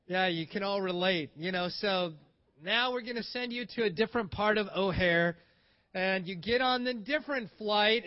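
A man telling a travel story in a casual, animated way, acting out the lines of the people he meets. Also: high voice, lo-fi sound. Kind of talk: casual spoken anecdote.

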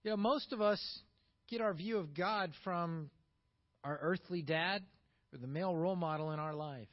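Animated high-voiced male preacher. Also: moderate pace, dull audio. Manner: animated, rising to emphatic peaks and dropping to quiet asides. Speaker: pastor. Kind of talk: sermon.

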